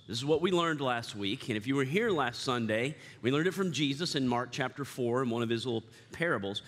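A man who is lead pastor, preaching a lively, self-deprecating sermon and leading the congregation in call-and-response. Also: mid-range voice, moderate pace. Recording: reverberant church sanctuary.

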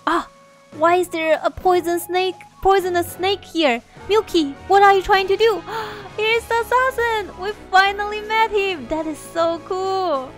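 A woman giving chatty, excitable commentary while playing a farming video game, often laughing and gasping. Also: very high-pitched, measured pace, faint music behind. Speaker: gameplay video creator.

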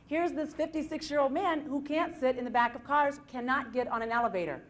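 A woman speaking to an audience at a self-help seminar, telling case stories in a lively, repetitive storytelling manner. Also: high-pitched, brisk. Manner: storytelling, lively retelling with repeated phrases. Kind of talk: motivational talk to an audience.

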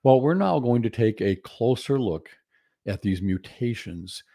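A man's voice: medium pitch, animated, a little slow, mellow, no echo, studio quality. A man giving a lecture presentation as a guest speaker, laying out numbered points with humour. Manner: humorous, lists numbered points.

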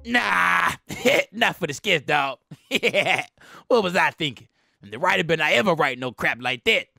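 A man's voice: a little high, expressive, moderate pace, gravelly, sharp tone, dry recording, studio quality, soft background music, heavily acted. A man voicing a crude, laid-back cartoon character who cusses in slang. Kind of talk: comedic cartoon voice acting.

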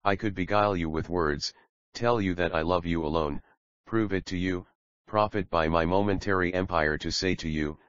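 A man's voice: low-pitched, moderate pace, fairly bright tone, dry recording, lo-fi sound. A man reading the part of a devoted young woman who pleads with tender submission. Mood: imploring. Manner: imploring, tender.

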